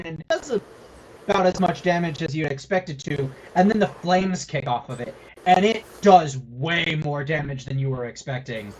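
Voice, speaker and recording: Halting man running a tabletop game. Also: high-pitched, a little hiss or hum, poor audio. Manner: halting, filler-heavy narration. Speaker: game master.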